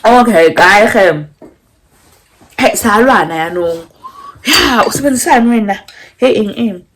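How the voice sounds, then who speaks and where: A young South African woman with a South African accent, chatting casually through a storytime and switching between English and Zulu. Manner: animated, acts out quotes with pitch jumps. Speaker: vlogger.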